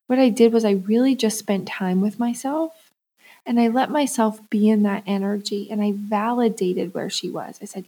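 A soft-spoken young woman speaks in a calm, unhurried monologue, her voice dark and mellow. She sounds like a podcast host gently walking listeners through a personal practice, keeping an even, reflective pace. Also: mid-range voice. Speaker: podcast host, self-love coach.

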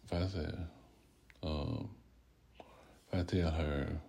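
A middle-aged man delivers a podcast sermon in an extremely low, deep voice. He talks emphatically, often checks in with "right?", and leads his listeners through lines to repeat after him. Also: fairly even intonation, slow pace, gravelly, dark tone. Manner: emphatic, often asks "right?", leads call-and-response affirmations. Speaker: podcast host and preacher. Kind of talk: sermon-style podcast talk.

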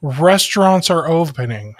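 A man's voice: on the high side, a little slow, over a noisy crowd. A man from Ohio hosting a podcast, chatting casually and joking with lots of laughter. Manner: jokey, animated, laughs often. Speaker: podcast host. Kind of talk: casual chat.

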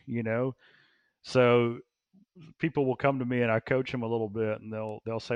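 A man speaking as an interview guest, a business coach who talks in an animated way, repeating phrases and laughing often. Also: medium pitch, normal speed, smooth, dry recording, lo-fi sound. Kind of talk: casual interview talk.

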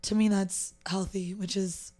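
A woman with a raspy voice, a fitness instructor being interviewed, talking casually with lots of fillers and easy laughter in an indoor meditation space. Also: mid-range voice, little pitch movement, a little slow, warm tone. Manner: rambling, filler-heavy, laughs easily.

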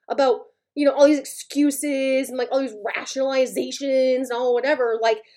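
A woman with a high voice hosts a motivational podcast and lays things out bluntly. She speaks with worked-up intensity and keeps checking in with her listeners through quick "okay?" and "right?" tags. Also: darkish tone. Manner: blunt, emphatic, frequently asks "okay?" and "right?". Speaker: podcast host.

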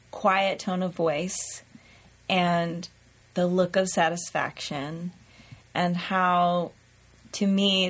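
A woman co-hosting a podcast, reflecting in a thoughtful, measured way. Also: fairly low pitch. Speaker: podcast co-host. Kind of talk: reflective conversation.

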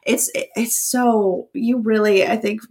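A woman's voice: a little high, steady tone, a little slow, darkish tone. A woman hosting a podcast, chatting casually and agreeing readily with her guest. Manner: chatty, agreeable, many affirmations. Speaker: podcast host.

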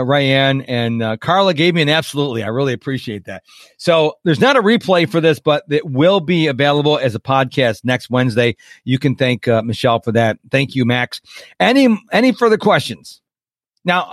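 A man hosting a live webinar as a coach, chatty and lively, acting out quotes and checking in with his listeners. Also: fairly high pitch, no room sound, studio quality. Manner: chatty, animated, acts out quotes and checks in with "okay?".

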